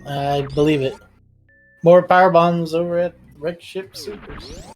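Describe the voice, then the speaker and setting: A man co-commentating a live speedrun race, excitable and bantering, cheering big plays. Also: fairly high pitch, a little slow, faint music behind. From Midwest. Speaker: game co-commentator.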